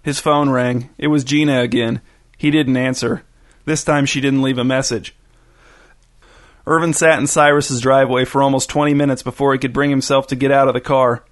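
A man reading a story aloud in a steady, even narrating voice. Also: mid-range voice, moderate pace.

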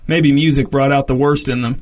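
A man reading a comic story aloud in a dry, deadpan narration. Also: mid-range voice, fairly quick. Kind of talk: scripted narration.

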